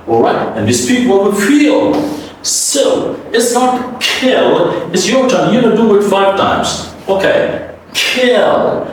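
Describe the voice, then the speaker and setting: A man teaching English pronunciation, drilling words by repeating them over and over in an animated, coaxing way. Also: sits high, unhurried, slight background noise. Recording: echoey room, voice from a distance.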